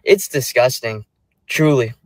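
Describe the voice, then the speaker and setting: A man with a mid-pitched voice speaks with emotion and indignation, weighing his words. The sound is dry and close, with no room echo. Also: expressive, measured pace.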